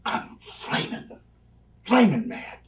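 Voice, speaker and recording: Slow and set against slight background noise, an older man being interviewed tells meandering tales, bringing the quoted people to life with animated impressions. He comes across as somewhat distant from the mic.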